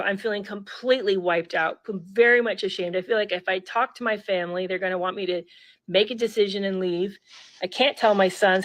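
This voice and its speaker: A middle-aged woman telling a personal story in an earnest, halting way, often restarting her sentences. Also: medium pitch, a bit bright, no room sound, rough recording.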